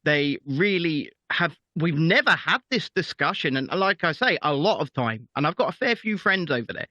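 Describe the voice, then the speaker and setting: Bright-toned male guest on a dull, dry line. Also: a little high, sing-song, normal speed, no echo. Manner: emphatic, repeats himself. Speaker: guest commentator. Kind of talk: political commentary chat.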